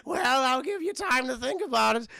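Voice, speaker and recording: A loud, gleeful old king with a bright, gravelly edge, as a man puts him on. He stretches his words out slowly and teases at full volume. The sound is dry and close. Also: extremely high pitch, lively intonation, no room sound, pitched above the performer's own voice, full character voice. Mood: booming glee.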